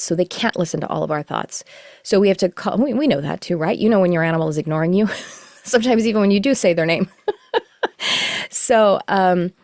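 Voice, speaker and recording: A woman's voice: on the low side, dry recording, studio quality. Middle-aged woman teaching a video-call class. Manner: relaxed, rambling explanation with self-corrections. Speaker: course teacher. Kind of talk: live online class.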